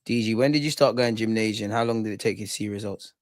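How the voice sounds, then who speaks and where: A young man hosting a live football watch-along, chatting casually, reacting to play and reading out comments, sometimes muttering and sometimes shouting at the referee. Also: lowish voice, fast, no room sound, studio quality. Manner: animated, swings from muttering to shouting at the ref.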